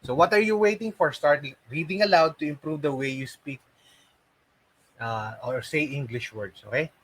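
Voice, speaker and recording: A man in his forties talks through a casual training lesson for call center hopefuls. His voice sits slightly high for a man, and he keeps pausing to ask "okay?" between restarts and fillers. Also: fairly bright tone, slight background noise, low-quality recording.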